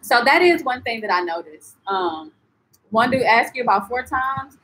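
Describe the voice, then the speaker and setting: A young woman chatting casually in a live-stream travel vlog, animated and full of "like" and "you know", answering viewers as she goes. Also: fairly high pitch, normal speed, poor audio. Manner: reads and answers viewer comments. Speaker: travel vlogger.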